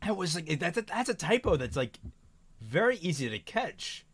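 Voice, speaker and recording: A man's voice: a little high, big pitch swings, normal speed, fairly bright tone, slightly rough. A man hosting a casual stream, chatting with a guest and reading a novel aloud with rambling asides and small stumbles. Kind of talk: casual chat and read-aloud.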